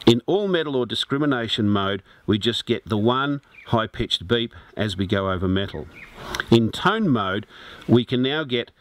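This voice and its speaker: A man giving a steady, explanatory product demonstration, talking through each step as he sweeps over test targets. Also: mid-range voice, moderate pace. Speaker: metal detector demonstrator. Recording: steady noise and detector beeps behind voice.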